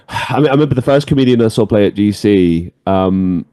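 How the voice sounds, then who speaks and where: A man's voice: lowish voice, normal speed, smooth, dry recording, clean studio sound. A man hosting a podcast, telling stories in casual chat with plenty of swearing and laughter. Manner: animated storyteller, swears freely, laughs often. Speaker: podcast host.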